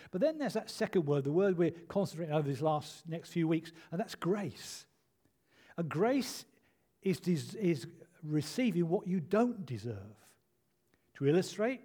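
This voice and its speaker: An older pastor preaches a sermon in a measured, earnest way, pausing to let points land. His voice is warm and mellow, pitched a little above the usual for a man. He speaks steadily, with gentle emphasis.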